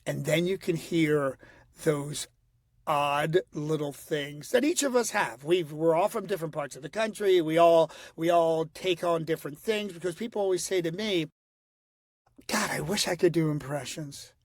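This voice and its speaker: A man's voice: on the high side, no echo, studio quality. A middle-aged man from Philadelphia with a nasal Northeast accent, chatting animatedly in an interview, with lots of restarts. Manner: animated, slips into quick voices and quotes, many restarts. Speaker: guest, voice impressionist. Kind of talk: casual interview talk.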